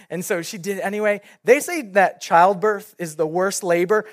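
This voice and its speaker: A young man, a youth pastor, preaching a sermon in an animated storytelling way, with many casual fillers. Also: high voice, normal speed, no room sound, studio quality.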